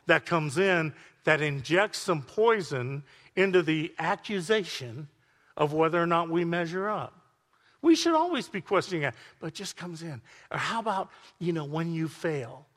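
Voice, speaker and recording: A male pastor delivers an animated sermon, calling out to his congregation as he goes. His voice sits a little high and sounds bright and forceful. The sound carries a long reverb, like a large church hall. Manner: animated preaching with congregation call-outs.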